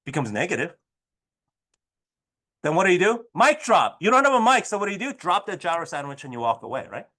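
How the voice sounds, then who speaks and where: A man teaching a high school chemistry class and telling stories, with an animated delivery that keeps asking the students "right?". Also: a little fast, pauses often. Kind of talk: classroom lecture with storytelling.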